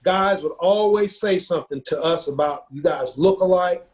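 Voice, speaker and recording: A man with a fairly high voice tells a personal story in an earnest, unpolished way. He keeps circling back with little fillers and repeats his words as he goes. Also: normal speed, a little mellow. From Ohio. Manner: earnest, repeats himself, many fillers like "you know". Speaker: football coach.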